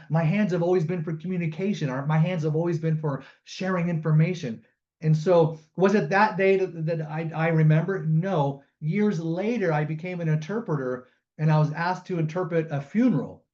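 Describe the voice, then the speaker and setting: A middle-aged man with a slightly raised voice tells personal stories on a webinar and acts out the quoted lines as he goes. The sound is dull and lo-fi, like compressed webinar audio. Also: a little high. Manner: animated storytelling, acts out quotes. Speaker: guest storyteller and sign language interpreter.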